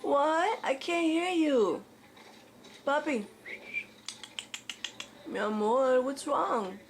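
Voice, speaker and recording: A woman's voice: sits high, lively intonation, extremely slow, noisy background. A woman talking to her crying dog in cooing baby talk, with endearments mixed in. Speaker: pet owner.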